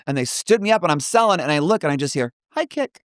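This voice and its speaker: Fast-talking, profane woman storyteller. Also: low-pitched, lively intonation, no echo, studio quality. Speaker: podcast co-host; former pro wrestler. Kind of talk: casual storytelling chat.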